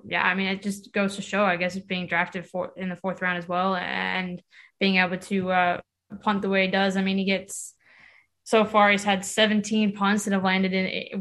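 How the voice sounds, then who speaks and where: A woman with a mid-pitched voice chats on a sports podcast. She talks fast and lively and acts out other people's opinions. Her delivery is casual and full of fillers. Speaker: podcast co-host.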